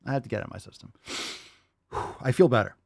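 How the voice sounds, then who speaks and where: A man's voice: medium pitch, quick pace, creaky, a little mellow, breathy edge, dry recording, clean studio sound. A man hosting a livestream podcast, reacting to clips with a profane, exasperated rant. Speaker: podcast host.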